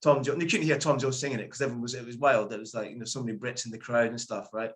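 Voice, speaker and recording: A man co-hosting a podcast, telling a quick story in casual chat, trailing off with fillers and laughs. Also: medium pitch, fairly even intonation. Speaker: co-host.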